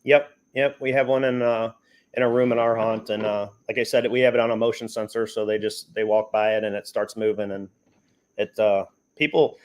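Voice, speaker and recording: A man talking casually as a guest on a video-call livestream, easygoing and hesitant with many pauses. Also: fairly low pitch, level tone. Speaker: haunt prop builder guest.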